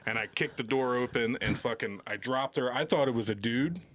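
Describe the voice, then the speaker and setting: A man's voice: mid-range voice, a little fast, a bit bright. A man who works security at a comedy club, telling rambling, profane anecdotes as a podcast guest. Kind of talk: casual storytelling on a podcast.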